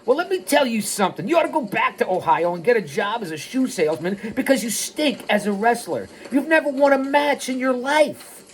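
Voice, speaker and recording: A man's voice: very high-pitched, sing-song, brisk, few pauses, pitched above the performer's own voice. A man voicing a brash, mocking male wrestler who hosts an interview segment and insults his guest. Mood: taunting. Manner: mocking, cocky. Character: brash trash-talking male wrestler host.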